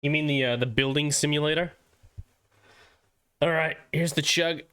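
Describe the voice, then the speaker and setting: A man's voice: a little high, steady tone, normal speed, fairly bright tone, smooth. An Australian man streaming casually, laid-back and giggly, swearing often. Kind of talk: casual livestream chat.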